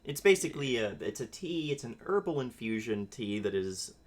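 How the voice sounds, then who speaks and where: Animated game master narrating. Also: mid-range voice, moderate pace, heavy background noise.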